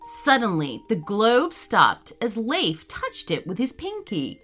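A woman narrating a children's story in a slow, expressive read-aloud manner. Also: a little high, soft background music.

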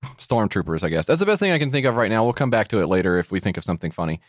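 A podcast co-host with a lowish voice rattles through a sponsor read rapid-fire, very animated and casual. He keeps joking and riffing off-script for his comedy show, recorded clean in a studio with no echo.

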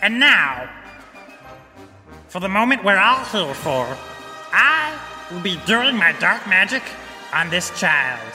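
A woman's voice: mid-range voice, very animated, takes it slowly, pauses often, bright, forceful tone, long reverb tail, faint music behind, exaggerated voice. A man voicing a theatrical female villain sorcerer who makes grandiose, showy announcements. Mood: gloating.

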